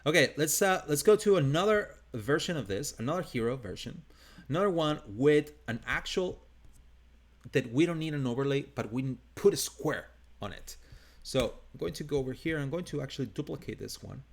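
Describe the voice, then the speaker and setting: A man's voice: a little high, lively intonation, brisk. A man with a non-native English accent teaching a live design tutorial, talking casually and thinking aloud as he works. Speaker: design instructor.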